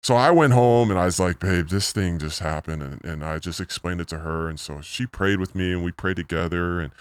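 A man in his forties, a missionary guest, telling his story in a rambling, earnest way through a pitch-altered disguise. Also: brisk, clean tone, no echo, clean studio sound. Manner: earnest, rambling, full of "like" and "you know". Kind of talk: casual storytelling interview.

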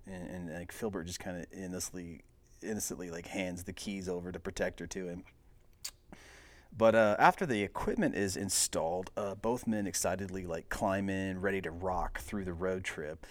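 A man with a very deep voice casually retells a movie's plot, rambling along with plenty of filler words. His voice sounds close and dry, with no room around it. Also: fairly even intonation, normal speed, no echo. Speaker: podcast host.

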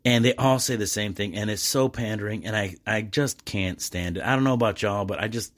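Podcast host, male, low-pitched, talks in loose rambling asides with lots of restarts. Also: a little fast. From Michigan, United States. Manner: rambling, many restarts, drops "man" and "bro". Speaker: small business owner and dad. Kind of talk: casual podcast monologue.

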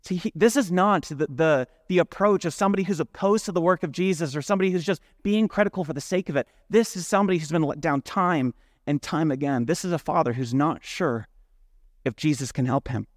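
A man preaching a sermon as a pastor, retelling scripture in a casual, animated storytelling way with "like" asides. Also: fairly high pitch, a little fast, no room sound, clean studio sound. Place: church.

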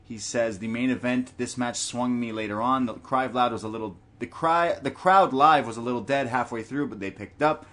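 A man's voice: medium pitch, normal speed, hardly any pauses, fairly bright tone. A man co-hosting a podcast in casual chat, reading listener messages aloud and laughing often. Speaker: podcast co-host.

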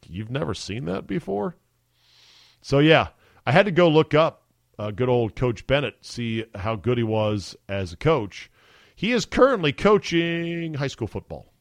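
Male podcast host, easygoing chatter, middle pitch, dry close mic. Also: dry recording. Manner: chatty, easily amused, filler-heavy. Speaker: sports radio podcast host. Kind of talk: casual podcast chat.

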